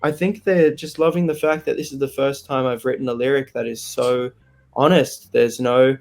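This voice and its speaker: A young man with an Australian accent, talking openly and with feeling in an interview, animated and laughing easily. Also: mid-range voice, moderate pace, vocal fry. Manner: candid, animated, laughs often. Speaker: interviewee, singer. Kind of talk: open, emotional interview chat.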